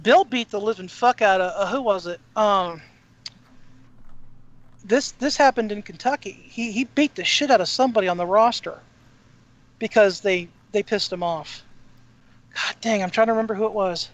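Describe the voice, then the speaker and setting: A man tells a rough, cursing anecdote with lively energy. His voice sits high. The recording sounds muffled and lo-fi. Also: moderate pace, long pauses. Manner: salty, swears freely, animated anecdotes. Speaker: podcast co-host. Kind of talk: casual storytelling chat. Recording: dull lo-fi sound.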